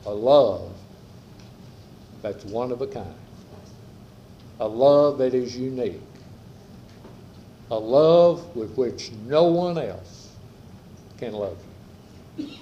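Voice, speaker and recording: Man preaching a sermon, unhurried and deliberate, repeating phrases, middle-pitched voice, faint hiss behind. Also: mellow, dull audio. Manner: slow, measured preaching with repeated phrases and dropping endings. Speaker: pastor. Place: church sanctuary during a service.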